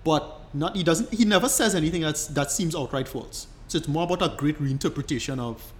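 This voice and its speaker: A man's voice: fairly high pitch, a little fast, slight background noise. A man co-hosting a podcast, explaining at length in casual chat, rambling and restarting his sentences. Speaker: podcast co-host.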